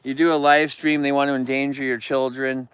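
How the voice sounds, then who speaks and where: A man's voice: medium pitch, flat delivery, brisk, fairly bright tone, smooth, no room sound. A man live-streaming outdoors near bears, ranting about rude viewers and scolding the animals in a rambling chat.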